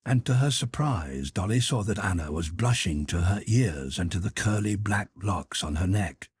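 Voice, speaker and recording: A man narrating a classic novel as an audiobook reader in a breathy, measured storytelling voice. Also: deep voice, animated, no room sound. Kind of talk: scripted narration.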